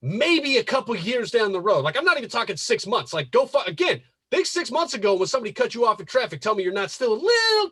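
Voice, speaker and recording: A man with a high, breathy-edged voice that swoops up and down as he rants on a casual podcast. He hammers his points home with repetition and swearing. The sound is dry, with no room around it. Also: big pitch swings, fast talker, hardly any pauses, fairly bright tone, dry recording. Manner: emphatic, repetitive, profane. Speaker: podcast host.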